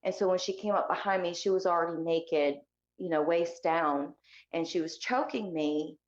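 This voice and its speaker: A woman's voice: lowish voice, moderate pace. A woman speaking candidly and with heat as she recounts her own life story in a podcast interview, her speech full of fillers. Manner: candid and heated, with many fillers. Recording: echoey, dull lo-fi remote call audio.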